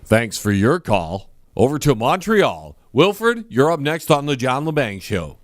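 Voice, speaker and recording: A man's voice: mid-range voice, sing-song, a little slow, no room sound, clean studio sound. A man hosting a comedy call-in radio show, introducing callers with breezy patter.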